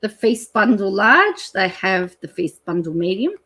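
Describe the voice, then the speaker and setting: A middle-aged Australian woman talking casually to her viewers, full of ums and asides. Her voice sits in an ordinary middle range, rambling and easygoing, with bursts of excited laughter. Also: medium pitch, unhurried, husky. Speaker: channel host. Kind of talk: casual chat reading a menu aloud.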